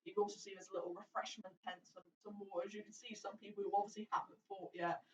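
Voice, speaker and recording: A woman's voice: mid-range voice, level tone, fast talker. Woman running a tabletop game, echoey. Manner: chatty, laughing, swears in quoted lines. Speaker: dungeon master. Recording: roomy, distant, dull lo-fi mic.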